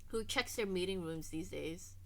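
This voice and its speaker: A woman's voice: fairly low pitch, moderate pace, gravelly, fairly bright tone. A woman streamer chatting casually over gameplay, rambling and trailing off into restarts.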